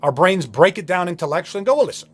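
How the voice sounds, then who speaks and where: A man with a somewhat high voice speaks as a podcast host. He talks earnestly and with emphasis. He often repeats and restarts words as he works through his points. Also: fast, slightly rough. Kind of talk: motivational podcast talk.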